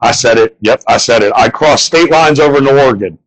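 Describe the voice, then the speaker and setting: A man's voice: mid-range voice, fairly quick, rough recording. A young man doing a stand-up set, telling rambling, crude stories full of swearing. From northern United States. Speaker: stand-up comedian. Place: bar stage before a live audience.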